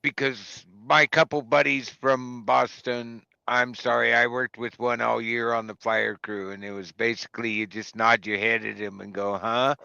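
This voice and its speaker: A man with a gravelly, fry-edged voice that is bright and piercing, joking around and swearing freely in loose conversation. The sound is dry and slightly dull, like a lo-fi mic with no room around it. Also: medium pitch, flat delivery, a little slow, no room sound. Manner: joking, swears freely, laughs at his own stories. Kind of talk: casual chat.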